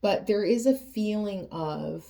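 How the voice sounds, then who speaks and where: A woman giving a tarot reading to her viewers, earnest and emotional, often pausing and restarting her sentences. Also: medium pitch, creaky, mellow. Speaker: tarot reader.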